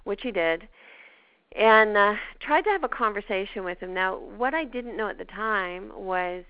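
Gravelly Canadian woman hosting. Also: mid-range voice, moderate pace, no room sound. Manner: chatty, with laughs. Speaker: podcast host. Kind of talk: casual chat and personal storytelling. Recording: dull lo-fi dry sound.

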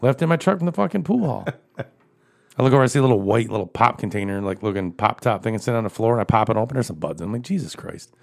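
A man telling crude, profane stories in casual chat, laughing often and getting animated as he goes. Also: on the low side, rapid-fire, gravelly.

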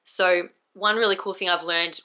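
A woman's voice: lowish voice, fairly even intonation, normal speed, bright, forceful tone, highs cut off. A young adult woman, a communication skills coach, being interviewed over a video call, talking energetically and acting out example phrases.

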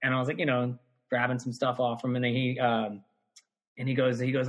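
Husky man telling a wild story. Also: fairly quick. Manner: animated storyteller, swearing, jumps high for quoted voices. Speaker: guest comedian telling a story. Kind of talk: casual podcast storytelling.

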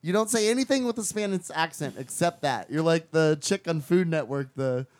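A man's voice: on the high side, brisk, darkish tone. A man in casual podcast banter, teasing the others and laughing often.

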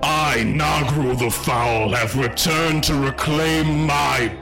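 Spooky owl sorcerer, slow and dramatic, put on by a man. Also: steady tone, gravelly, over music. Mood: ominous. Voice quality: spooky booming voice.

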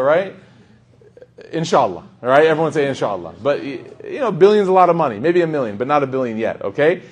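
A man giving a casual sermon to a live audience, talking in a relaxed, conversational way, repeating lines for emphasis, often asking "right?" and quoting Arabic scripture. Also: mid-range voice, husky. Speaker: Islamic preacher.

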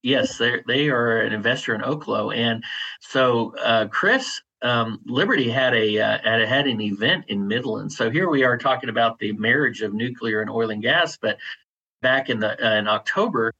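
Husky, bright-voiced male guest. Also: medium pitch, dull audio. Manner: measured, explanatory, with frequent fillers. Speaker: podcast guest, energy executive. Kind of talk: conversational interview.

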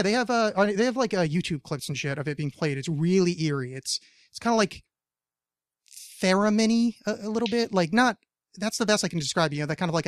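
A man's voice: high voice, no echo, studio quality. Rambling, swearing podcast host man. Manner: rambling, lots of fillers and swearing, jokey. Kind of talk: casual chat.

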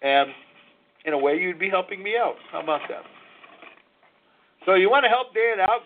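A man's voice: high-pitched, expressive, normal speed, pauses often. Frank middle-aged man on a tinny line. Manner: frank, reflective, confessional. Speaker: host of a live recovery call-in show. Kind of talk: candid personal talk on live radio. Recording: narrow phone-like lo-fi line.

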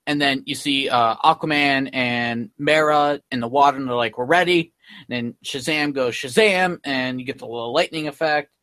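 A man hosts a podcast, speaking at normal speed in a medium-pitched, steady voice with a bright, forceful tone and hardly any pauses; there is no room sound. He retells a comic in casual, rambling chat packed with "like" and "um."

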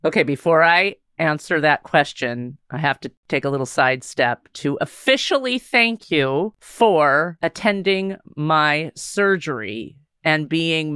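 Casting: congested woman podcast co-host, low voice, animated delivery, dry close sound. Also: smooth, dry recording. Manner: laughs often, playful. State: congested after nose surgery. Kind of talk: casual chat.

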